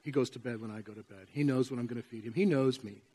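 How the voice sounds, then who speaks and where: A man's voice: mid-range voice, quick pace, mellow, slightly rough. A man preaching a sermon to his congregation in a church, conversational and often asking them questions. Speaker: pastor. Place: church sanctuary.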